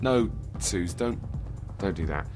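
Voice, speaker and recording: A man's voice: low-pitched, lively intonation, slow pace. An actor playing an anxious young man who pleads with a friend during a drug trip, in a TV clip. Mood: hesitant. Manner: hesitant, pleading. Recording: TV clip under loud music.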